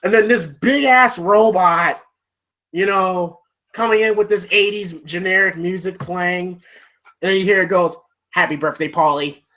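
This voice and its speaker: A man's voice: high-pitched, fairly even intonation, unhurried, bright, forceful tone. A man casually recapping a film as a reviewer, rambling and filling his talk with "you know" and "like". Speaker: movie reviewer. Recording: dull lo-fi home recording.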